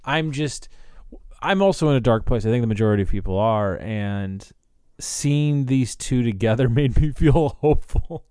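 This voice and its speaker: A man's voice: medium pitch, lively intonation, normal speed, mellow, clean tone, no echo, studio quality. A man chatting casually as a podcast co-host in a loose, opinionated way. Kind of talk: casual chat.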